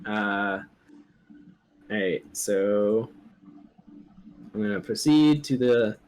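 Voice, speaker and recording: A man co-hosting a board game playthrough, talking in a relaxed, hesitant way with many pauses. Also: fairly low pitch. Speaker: podcast co-host and game player.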